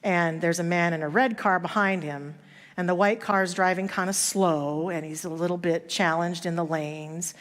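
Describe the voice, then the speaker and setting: A woman's voice: lowish voice, fairly even intonation, moderate pace. A woman minister giving a sermon, telling stories and acting out the voices of the people in them. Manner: storytelling, acts out quoted voices. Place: church sanctuary. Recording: long hall reverb.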